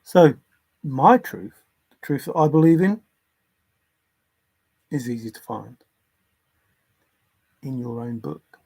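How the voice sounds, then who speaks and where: A man's voice: medium pitch, animated, takes it slowly, pauses often, darkish tone, slightly rough. A man hosting a casual livestream, talking earnestly and insistently about religion and reading viewer comments aloud. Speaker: livestream host.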